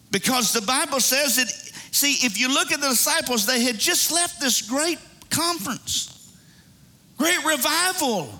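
A man's voice: extremely high pitch, lively intonation, unhurried, bright, forceful tone. A man preaching a sermon in a conversational way, calling out to the congregation. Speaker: pastor.

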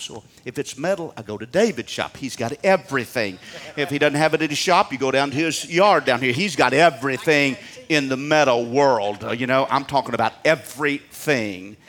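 A man preaching a sermon in a church, folksy and fervent, rising to near-shouts and dropping to hushed asides. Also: mid-range voice, normal speed. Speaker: pastor.

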